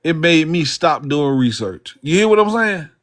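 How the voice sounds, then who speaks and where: A man's voice: on the high side, very animated, normal speed, fairly bright tone. Rambling Southern American man. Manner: laid-back, rambling, says "bro" and "you hear what I'm saying". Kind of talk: casual livestream talk.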